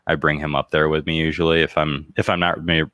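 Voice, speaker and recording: Deep-voiced bright joking male host. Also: little pitch movement, fast, smooth, no room sound, clean studio sound. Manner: joking, rambling, laughs often. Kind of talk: casual interview chat.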